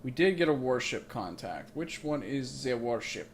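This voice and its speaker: A man's voice: mid-range voice, very animated, normal speed. A man hosting a let's play, giving casual gameplay commentary with joking, rambling asides, recorded on a makeshift mic setup.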